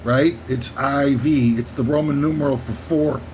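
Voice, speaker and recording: A man's voice: mid-range voice, fairly even intonation, moderate pace, darkish tone, slight background noise. A man hosting a comedy countdown, rambling irreverently and swearing in a casual comic rant. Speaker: comedy list show host.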